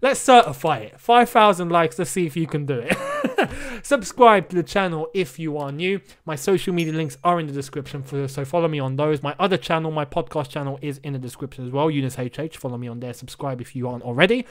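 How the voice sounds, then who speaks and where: A young man with a fairly high voice hosts his football channel in a casual solo chat. He talks animatedly, stacks up repeated phrases for emphasis and speaks straight to his viewers. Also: fast. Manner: animated, emphatic repetition, addresses viewers directly.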